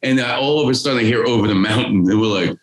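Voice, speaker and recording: A man's voice: medium pitch, racing. A man, telling a rambling, profane story as a podcast guest. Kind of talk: casual storytelling. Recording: roomy echo.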